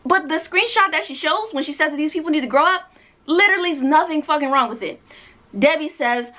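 A young woman with a fairly high voice rants on her book vlog, sarcastic and plainly exasperated. She swears freely and keeps circling back to the same point. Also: animated, a little fast, bright, forceful tone. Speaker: book vlogger. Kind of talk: ranting vlog commentary.

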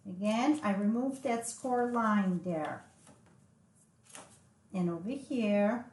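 A woman with a French accent, French her first language, giving a live craft tutorial, talking slowly and chatting as she works. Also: mid-range voice, darkish tone. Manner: slow, chatty, thinking aloud as she works. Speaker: papercraft instructor. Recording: echoey room with faint noise.

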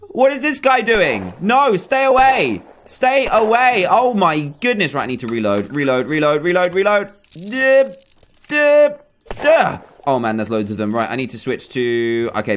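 A young man commentating a zombie survival game with lively, bouncing pitch that sits a little high for a man. He chatters along, then yelps and shouts at the enemies that chase him. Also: a little hiss or hum. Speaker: gaming YouTuber. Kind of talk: excitable gameplay commentary.

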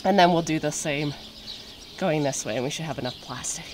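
A woman's voice: sits low, a little fast. A woman farmer chatting casually to a handheld camera outdoors while doing chores on her farm. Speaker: farmer and vlogger. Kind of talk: casual vlog chat to camera. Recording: clear outdoor farm noise.

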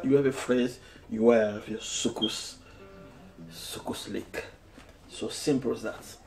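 Male guitar teacher, middle pitch, step-by-step, chatty with fillers; faint guitar behind. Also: a little mellow. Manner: explains step by step, switching between English and French, with many fillers. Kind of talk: bilingual guitar lesson. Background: guitar playing.

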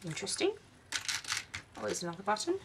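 Woman, craft unboxing vlog, gravelly fry in the voice, faint background hiss, tired, chatty. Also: medium pitch, very animated, brisk. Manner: chatty, exclaiming over each item. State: tired, yawning. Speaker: craft vlogger.

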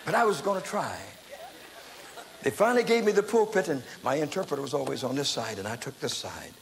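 Animated, gravelly preacher man. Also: on the high side, fairly quick, long reverb tail, background noise. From United States. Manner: animated storyteller who acts out voices and shouts. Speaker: evangelist preacher. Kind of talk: sermon testimony storytelling.

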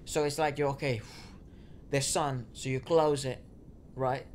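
A man's voice: medium pitch, steady tone, measured pace. Thoughtful man musing over a song. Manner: thoughtful, explains at length with restarts. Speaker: co-host. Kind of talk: casual chat reacting to music. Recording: faint noise, audio trouble said.

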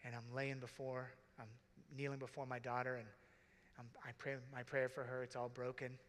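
A middle-aged man, a deacon, preaching earnestly and from the heart at a conference, sometimes dropping to a hush. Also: mid-range voice, completely flat delivery, normal speed. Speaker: deacon speaking to priests. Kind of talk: conference sermon. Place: large conference hall. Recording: reverberant hall.

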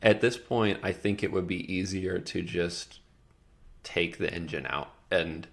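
A man with a deep, gravelly voice talks casually as a podcast guest. He is easygoing and often thinks aloud, pausing on fillers as he works out his answers. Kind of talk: casual interview chat.

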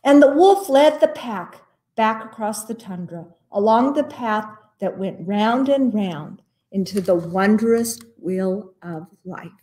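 A woman librarian reading a children's picture book aloud at story time, in an expressive read-aloud manner. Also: mid-range voice, slow.

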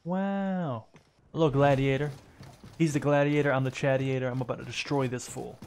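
A man's voice: mid-range voice, fairly even intonation, moderate pace, a little mellow, clean tone. A man giving casual gameplay commentary as a streamer, joking and teasing his opponents. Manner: playful, teasing trash talk.

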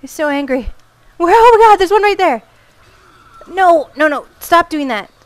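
High-voiced woman narrating her gameplay. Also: lively intonation, a little slow. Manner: reactive, exclaiming and muttering to herself. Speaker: gamer. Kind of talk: let's play commentary.

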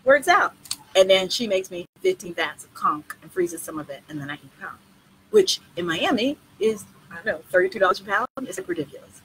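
A woman who organizes tours, answering questions in a casual live video with a blunt, profane, animated way of talking. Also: mid-range voice, a little fast, slight background noise, poor audio. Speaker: tour organizer and host.

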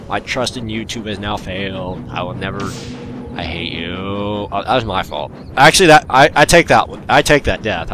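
A man's voice: fairly low pitch, noisy background. A man giving uncut gameplay commentary, ranting and grumbling at the game he is playing. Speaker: gaming channel host.

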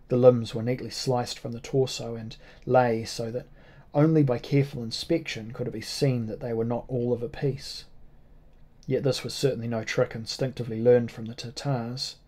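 Male audiobook narrator, measured and grave, dark mellow voice, flat delivery. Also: medium pitch. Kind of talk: first-person audiobook narration.

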